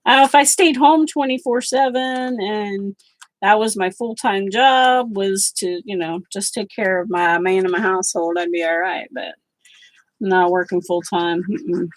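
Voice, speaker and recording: A woman's voice: mid-range voice, measured pace, dry recording, poor audio. A middle-aged woman vlogging about crafts, chatting casually and telling stories in an outspoken way as she works. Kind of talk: casual chat while crafting.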